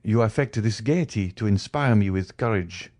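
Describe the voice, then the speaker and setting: A man voicing a grieving young man who speaks earnestly and fervently, a bit above his usual narrating pitch. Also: moderate pace, darkish tone, no echo, clean studio sound, lightly acted.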